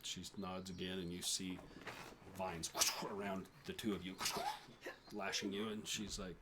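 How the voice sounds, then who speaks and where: A man narrating as game master of a tabletop role-playing game, describing scenes in a halting way with fillers. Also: sits low, little pitch movement, heavy background noise.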